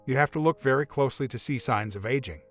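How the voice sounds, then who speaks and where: A man reading a gentle young woman reporter. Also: medium pitch, fast, soft background music, natural voice. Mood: curious.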